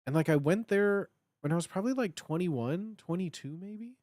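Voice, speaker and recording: At a moderate pace, a lively thirty-something streamer from the Chicago area rambles through a casual home livestream, full of fillers and restarts. Sudden high bursts come when they act out cheering, and the clean studio sound has no room tone.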